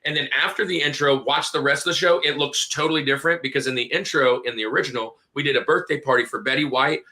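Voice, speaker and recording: A man's voice: mid-range voice, fairly even intonation, quick pace, sharp tone. A young married man chatting animatedly on a podcast, calling his friends dude and bro. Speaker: podcast co-host. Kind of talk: casual podcast chat.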